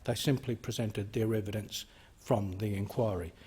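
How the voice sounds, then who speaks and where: Husky Australian man giving a formal speech. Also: fairly low pitch, steady tone, warm tone. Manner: measured, deliberate, stresses key words. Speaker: member of parliament. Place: parliament chamber.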